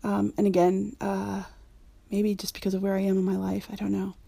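Casting: frank, chatty woman, mellow tone with a bit of vocal fry, dry close mic. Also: medium pitch, monotone, a little fast, no room sound. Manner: chatty, frank, with frequent ums and laughs. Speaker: community member answering a questionnaire. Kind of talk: casual spoken questionnaire.

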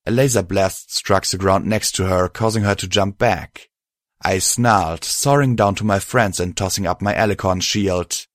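A man reading first-person fan fiction aloud in a steady, measured way. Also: deep voice, no echo, clean studio sound. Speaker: narrator.

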